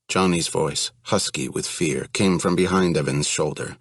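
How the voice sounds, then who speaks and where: A man reading an audiobook in a steady, even storytelling manner. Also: low-pitched, normal speed, hardly any pauses, no echo, studio quality. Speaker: audiobook narrator. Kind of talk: audiobook narration.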